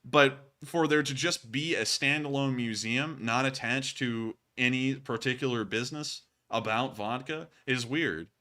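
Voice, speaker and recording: Bright-voiced chatty male streamer. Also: medium pitch, a little slow, hardly any pauses. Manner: chatty, rambling, laughs often. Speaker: streamer host. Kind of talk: casual live chat.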